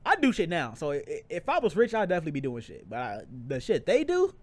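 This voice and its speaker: A man's voice: fairly high pitch, wildly swooping pitch, fast, no room sound. A young man co-hosting a podcast, talking in slangy casual chat with lots of repeats and restarts. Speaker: podcast co-host.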